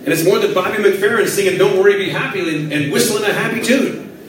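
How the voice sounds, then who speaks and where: Male pastor, high voice, lively storyteller, heard from far off in an echoey church. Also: fast talker, slight background noise. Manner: animated storytelling, acting out his own prayers. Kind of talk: sermon.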